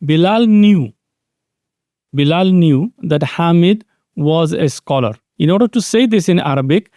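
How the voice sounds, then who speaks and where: A man teaching Arabic grammar in a recorded online lesson, explaining slowly and repeating key terms. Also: on the high side, expressive, mellow, no room sound, clean studio sound.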